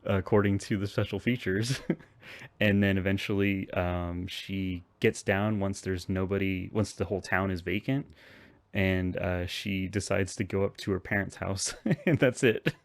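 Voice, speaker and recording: Low-voiced guy rambling thru a movie recap, lots of ums, dry close sound. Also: fairly even intonation, a little slow, no echo. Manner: rambling, many ums and restarts, laughs often. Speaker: podcast co-host recapping a film. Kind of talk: casual chat.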